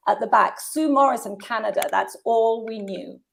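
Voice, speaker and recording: A woman in her fifties with a fairly high voice, talking as an interview guest. She tells her stories in an animated way and laughs often. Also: normal speed, creaky. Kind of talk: casual conversation.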